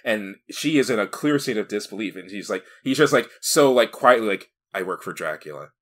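A man's voice: fairly low pitch, brisk. A man co-hosting a casual podcast, retelling movie scenes with frequent laughter. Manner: laughs often, animated retelling. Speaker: podcast co-host. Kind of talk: casual movie review chat.

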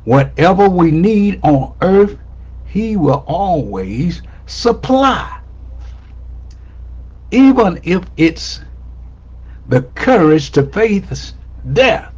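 Husky, lively preaching man. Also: high-pitched, drawn-out words, long pauses, dull audio. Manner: preaching with rising emphasis, repeating key lines. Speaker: pastor. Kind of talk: sermon. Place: church sanctuary.

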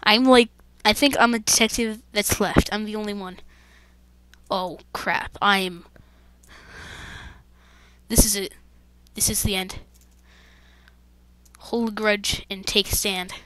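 A woman's voice: medium pitch, steady tone, slow pace, pauses often, fairly bright tone, no room sound. A woman hosting a let's-play gaming video, commenting to her viewers with jumpy, dramatic exclamations. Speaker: gaming channel host.

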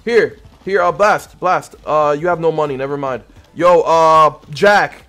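A man chatting playfully with teammates during an online shooter, teasing and swinging between loud excitement and low mumbling. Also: a little slow. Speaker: gamer streaming with random teammates. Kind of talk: casual game commentary to teammates.

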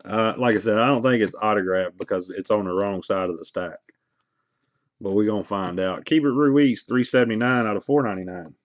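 A man's voice: on the low side, a little fast, dry recording. A man hosting a card break stream, chatting casually and teasing viewers in a joking storytelling way. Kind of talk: casual livestream chat. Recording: dull, slightly noisy stream audio.

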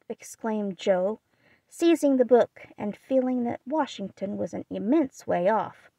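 A woman narrating a classic novel as an audiobook, with a steady, expressive reading. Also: a little high, measured pace, creaky, no echo, highs cut off. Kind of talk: scripted narration.

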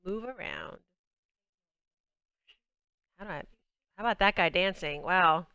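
Woman, Southern US accent, young adult, game stream host, chatty, smooth voice, dry close mic. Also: on the low side, unhurried, pushed and bright, no echo, highs cut off. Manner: chatty, bubbly, talks to chat while playing. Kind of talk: casual game stream chat.

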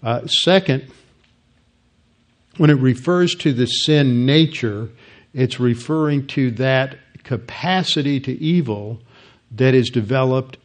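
Man teaching a Bible lesson. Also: medium pitch. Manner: explanatory, halting with frequent restarts. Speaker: pastor.

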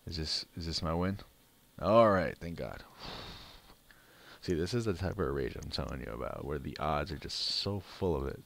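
A man's voice: rumbling low, a little fast, creaky, few pauses, fairly bright tone. A man hosting his own gaming channel, giving casual commentary on a mobile card game and grumbling about bad luck.

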